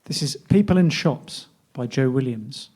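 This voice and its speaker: A man's voice: mid-range voice, expressive, unhurried, warm tone. A man reading a poem aloud in a wry, conversational way, voicing its dialogue. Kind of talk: poetry reading.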